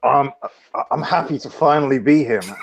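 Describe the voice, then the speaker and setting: A man's voice: on the high side, a little hiss or hum. A man appearing as a guest on a casual podcast, talking in a rambling, profane way and thinking aloud.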